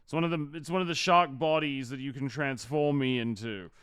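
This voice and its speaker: A man's voice: medium pitch, brisk, a bit bright, clean tone, no echo, studio quality. A man chatting casually on a live stream, reading out viewer messages and swearing freely with his co-host.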